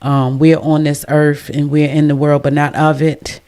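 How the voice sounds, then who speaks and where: A woman's voice: low-pitched, flat delivery, normal speed, dark tone. A woman hosting a podcast who talks in an emotional, effusive way with churchy phrasing. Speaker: podcast host. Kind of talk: casual chat.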